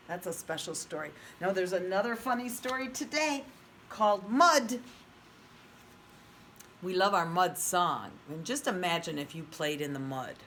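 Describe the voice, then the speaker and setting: A woman preschool teacher giving an online read-aloud lesson, speaking in a slow, exaggerated sing-song way to small children and asking them questions. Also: on the low side, a bit bright, a little hiss or hum. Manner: asks the children questions and praises answers.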